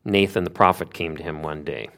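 A man preaching a sermon, retelling a Bible story with lively asides and rhetorical questions. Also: rumbling low, a little fast, gravelly.

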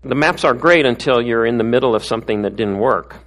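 A man's voice: mid-range voice, a little fast, a bit bright. A middle-aged man giving a conversational sermon as a pastor, often tossing in tag questions.

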